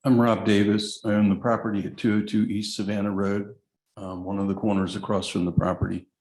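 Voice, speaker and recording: A man's voice: fairly low pitch, flat delivery, a little fast, darkish tone. A man, a nearby property owner, giving a brief, plainly supportive public comment at a city hearing. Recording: echoey meeting room.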